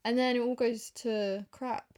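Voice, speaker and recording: A woman's voice: on the high side, fairly even intonation, unhurried, darkish tone. A woman co-hosting a podcast, chatting casually, gushing and giggly. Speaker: podcast co-host. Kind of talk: casual chat.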